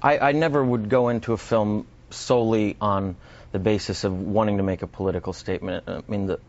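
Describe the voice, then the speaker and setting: Man, actor guest, low voice, thoughtful, halting restarts, dull broadcast audio. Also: steady tone, darkish tone. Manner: thoughtful, repeats words when starting sentences. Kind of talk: broadcast interview.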